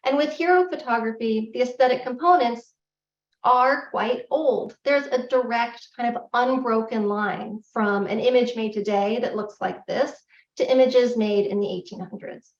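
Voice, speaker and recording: A middle-aged woman giving a public lecture in a candid, self-deprecating, animated way. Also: a little high, normal speed. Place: lecture hall. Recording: echoey hall, distant, dull lo-fi.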